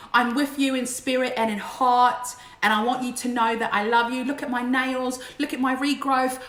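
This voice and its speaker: Woman, high voice, chatty and joking, a little tipsy, home livestream in an echoey room. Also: a bit bright. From Queensland, Australia. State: slightly tipsy. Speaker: livestream singer. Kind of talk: casual livestream chat. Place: her house, indoors. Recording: echoey room with backing music.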